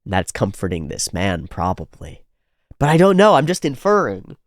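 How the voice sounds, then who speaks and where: A man's voice: on the low side, huge pitch swings, moderate pace, dry recording, clean studio sound. A man hosting a reaction video, talking casually and animatedly, swearing freely with frequent restarts. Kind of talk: casual commentary on an anime episode.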